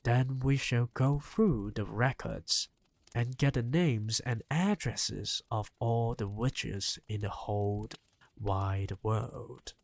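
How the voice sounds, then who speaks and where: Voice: mid-range voice, slow, vocal fry, a little mellow. A reader voicing a spirited, bossy old grandmother in an audiobook, talking impatiently and rousingly. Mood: thrilled. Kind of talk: audiobook reading.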